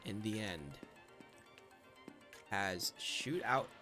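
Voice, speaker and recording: A man's voice: lowish voice, lively intonation, extremely slow. An Australian man commentating an esports stream in a dry, laid-back way, over background music.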